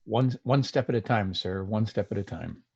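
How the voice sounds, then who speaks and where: Low-voiced man with a muffled sound. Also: moderate pace, gravelly, a little mellow, breathy edge, no room sound. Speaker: player. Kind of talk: playing a tabletop game.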